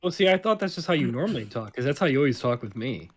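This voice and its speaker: A man's voice: medium pitch, very animated, quick pace, husky. A young man co-hosting a casual podcast, teasing his friends between giggles. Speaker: podcast co-host.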